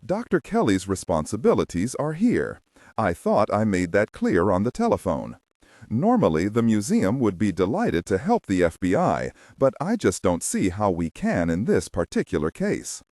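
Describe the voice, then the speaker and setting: A curt museum lawyer who brushes off every request in a clipped, dismissive manner, as a male narrator voices him. His voice is lower than the narration, recorded close and dry. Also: wildly swooping pitch, normal speed, a little mellow, dry recording.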